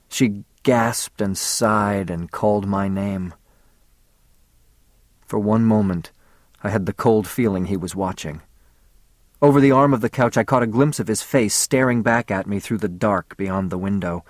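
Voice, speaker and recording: A man narrating a story in the first person, in a measured, intimate audiobook reading. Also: fairly low pitch, no echo, studio quality.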